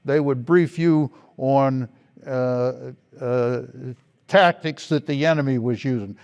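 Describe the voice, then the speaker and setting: An older man slowly and reflectively telling stories of his past in an oral history interview. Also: medium pitch, a little mellow, clear, resonant tone, dull audio. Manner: slow, reflective storytelling. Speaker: interviewee, veteran.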